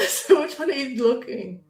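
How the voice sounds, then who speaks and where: Woman cohost, big strong loud voice, chatty about games, echoey room. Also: high-pitched, very animated, moderate pace. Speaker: podcast co-host. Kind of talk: casual chat about board games. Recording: roomy echo.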